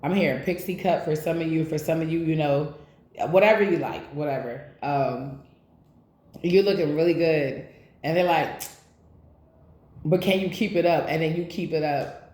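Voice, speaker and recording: A woman's voice: low-pitched, normal speed, darkish tone. A woman giving a casual tarot reading, speaking bluntly with plenty of swearing, straight to her viewers. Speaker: tarot reader. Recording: echoey room.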